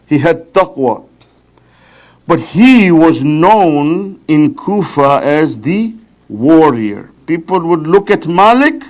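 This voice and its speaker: A man giving a religious talk at a mourning gathering, telling a story with lively pacing and frequent tag questions like "right?". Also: on the high side. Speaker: majlis speaker. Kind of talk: storytelling sermon.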